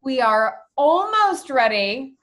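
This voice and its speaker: A woman's voice: high-pitched, sing-song, slow pace, a bit bright. A woman hosting a casual chat show, upbeat and steering the talk. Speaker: podcast host.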